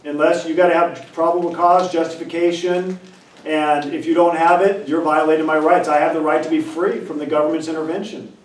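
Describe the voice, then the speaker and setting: A man's voice: a little high, little pitch movement, brisk. Guy professor ranting and telling a story, keeps restarting words, echoey room, kinda far from the mic. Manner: emphatic, repeats and restarts words when heated. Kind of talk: animated casual discussion and storytelling. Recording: roomy, distant mic, faint background noise.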